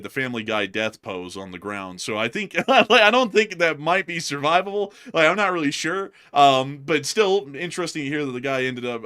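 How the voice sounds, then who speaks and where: A man's voice: mid-range voice, pushed and bright, clean tone. A man hosting a casual war news commentary show, chatty with frequent laughs and fillers. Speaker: host.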